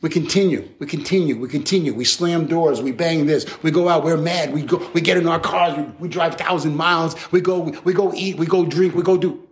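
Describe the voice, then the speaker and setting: A male pastor preaching a sermon in an animated, conversational way, with playful acted asides. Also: on the high side, brisk, hardly any pauses.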